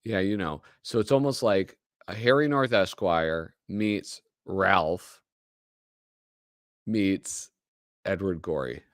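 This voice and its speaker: A man's voice: low-pitched, takes it slowly, no echo, clean studio sound. A man hosting a live show, chatting casually with rambling, joking asides that trail off mid-thought. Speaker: host. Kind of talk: casual live-stream commentary.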